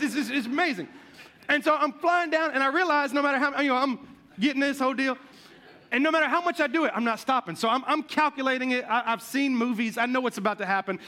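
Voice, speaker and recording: A male pastor tells a funny story from the pulpit, his voice pitched unusually high with a bright, forceful edge. He slips into the voices of the people in his story and adds sound effects. Then he turns the story into a sermon point. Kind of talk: sermon with a comic personal story.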